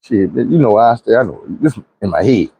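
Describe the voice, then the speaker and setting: A man's voice: on the low side, sing-song, fairly quick, dark tone, slightly rough, lo-fi sound. A man telling a comic personal story in a casual, profane way, acting out the quoted voices. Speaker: storyteller host.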